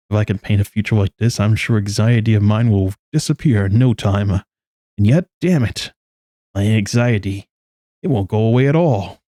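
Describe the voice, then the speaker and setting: A man's voice: fairly low pitch, mellow, no echo, studio quality, lightly acted. A man reading aloud the earnest, trembling inner monologue of an anxious, lovesick young male student from a game.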